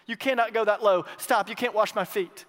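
Give me a man doing an impulsive, devoted disciple, a very high, strained male voice that pleads and gushes, with long hall reverb trailing behind it. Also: steady tone, brisk, a bit bright. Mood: pleading. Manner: pleading, then eagerly gushing.

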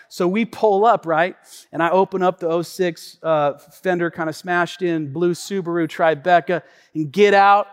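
A male pastor preaching in a chatty, animated storytelling way, full of asides and repetitions, heard in a reverberant church hall. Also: high voice, moderate pace, clear, resonant tone. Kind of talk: storytelling sermon.

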